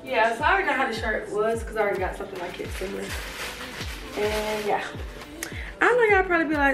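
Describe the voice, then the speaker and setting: A woman's voice: fairly high pitch, very animated, fast, pauses often. A young woman, chatting casually to viewers during a try-on haul, laughing and out of breath. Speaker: fashion vlogger. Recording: echoey room, far from mic, faint music.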